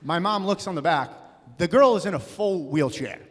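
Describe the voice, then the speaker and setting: A young man doing a stand-up comedy set, loud and punchy, slipping into acted-out voices. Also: sits high, lively intonation, normal speed. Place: comedy club stage. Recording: live room with long reverb.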